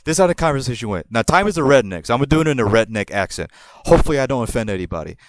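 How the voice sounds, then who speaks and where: A man's voice: medium pitch, big pitch swings, rapid-fire, no room sound. A man in his twenties hosting a podcast, telling a personal story casually, rambling with repeated words and laughing at himself. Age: 20s. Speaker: podcast host.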